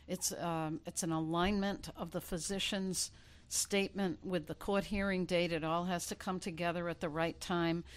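A woman, an attorney guest, explaining legal processes in a measured way with frequent ums. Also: lowish voice, fairly even intonation. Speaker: elder law attorney guest. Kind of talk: interview answers.

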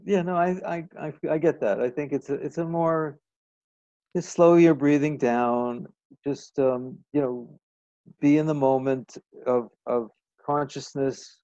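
Man, mellow voice, stammering, dry close sound. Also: mid-range voice, dry recording, highs cut off. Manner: hesitant, stammering restarts. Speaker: client. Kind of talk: casual conversation.

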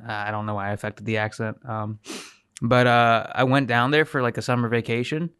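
A man chatting on a podcast, wandering through stories with constant fillers and profane asides. His voice is smooth and resonant. The sound is dry and close. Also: medium pitch, steady tone, brisk, a bit bright, no room sound. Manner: rambling, filler-heavy, profane jokes. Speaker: podcast co-host. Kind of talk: casual podcast banter.

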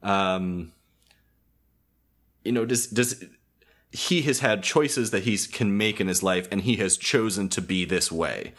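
A low-pitched young man talking through a cartoon episode in casual podcast chat. He hedges with ums, restarts his sentences and breaks into chuckles. His delivery is loose and unscripted. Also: slow, pauses often, fairly bright tone. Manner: hesitant, many ums, laughs often. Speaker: podcast host.

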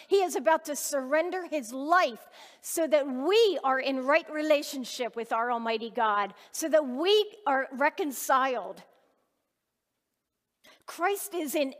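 A woman with a high voice preaches from a personal story, earnest and conversational. Her words ring out with a long reverb, like a church hall. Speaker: lay preacher.

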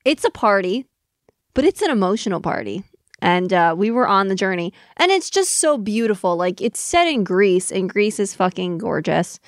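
A woman's voice: medium pitch, big pitch swings, moderate pace, dry recording, clean studio sound. A woman co-hosting a casual comedy podcast. She talks bluntly, swears freely and teases her co-host.

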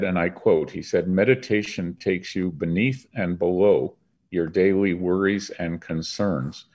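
A man's voice: sits low, a little mellow. An older man from Canada, a guest in an interview, earnestly recounting his life in a reflective storytelling manner.

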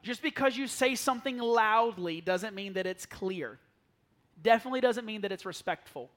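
A man preaching a sermon to a church, telling lively stories and dropping to a near whisper for asides. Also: sits high, normal speed. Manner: animated storytelling, drops to a near whisper for asides. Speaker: pastor. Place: church sanctuary.

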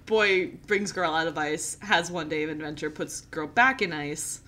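A woman's voice: sits low, moderate pace. A young woman co-hosting a podcast in a casual, chatty way, laughing often. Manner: giggly, animated and chatty. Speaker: podcast co-host. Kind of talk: casual chat.

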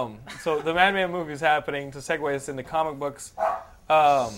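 A man hosting a podcast, telling stories in a casual, animated way with lots of restarts and "like"s. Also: a little high, fairly quick, background noise. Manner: animated storyteller, many "like"s and restarts. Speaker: podcast host. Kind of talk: casual chat, anecdote-telling.

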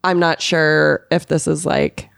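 A woman co-hosting a podcast with a low, gravelly voice. The sound is dry and close, and she asks questions in a relaxed way. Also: slow, dry recording. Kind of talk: casual podcast chat.

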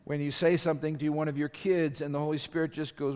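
A man's voice: fairly high pitch, flat delivery, fast talker, darkish tone, clear, resonant tone. A man preaching a sermon, asking his congregation rhetorical questions and building up in volume. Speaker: pastor. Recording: long hall reverb.

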